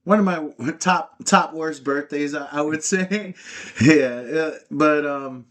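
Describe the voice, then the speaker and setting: A man's voice: a little high, slow pace, a bit bright. A man in his thirties, a comedian guest on a podcast, telling casual stories with lots of laughter and swearing, acting out the people in them. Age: 30s. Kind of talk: casual storytelling chat.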